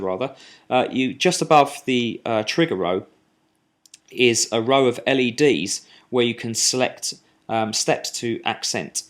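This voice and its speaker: A man giving a screen-recorded music software tutorial, talking while he clicks, with fillers and restarts. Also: on the low side.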